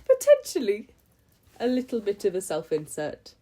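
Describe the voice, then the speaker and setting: A woman's voice: medium pitch, huge pitch swings, moderate pace, dark tone, slight background noise. A young woman talking through books she read in a chatty, enthusiastic vlog, with lots of ums and restarts. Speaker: book vlogger. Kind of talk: casual book review chat.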